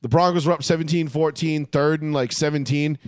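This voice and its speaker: Brief: male podcast co-host, profane and animated, raised-pitch sports chat, dry sound. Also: brisk, smooth, dry recording. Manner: heated, profane, animated storytelling.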